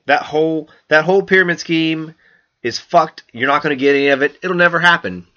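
A man's voice: a little high, fairly quick, pushed and bright, highs cut off. A man hosting a solo podcast alone, rambling and self-mocking with lots of ums, restarts and swearing. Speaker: podcast host. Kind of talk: casual solo podcast chat.

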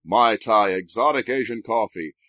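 A man with a somewhat low voice hosts a casual podcast and reads sponsor spots with a jokey, deadpan touch. His voice sounds close and dry, with no room around it. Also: normal speed, no room sound. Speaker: podcast co-host. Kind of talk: casual podcast talk and read ads.

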